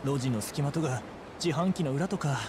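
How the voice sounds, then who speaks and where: A man's voice: mid-range voice, fast talker, noisy background, lightly acted. An actor voicing a polite man who has been robbed by a pickpocket in a video game. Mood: earnest.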